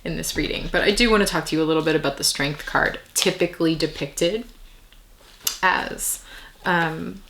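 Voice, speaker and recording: A woman with a lowish, gravelly voice giving a relaxed tarot reading. She muses aloud and wanders between thoughts, sometimes dropping into soft whispered asides. Her tone stays casual and direct to the viewer. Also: normal speed. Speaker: tarot reader.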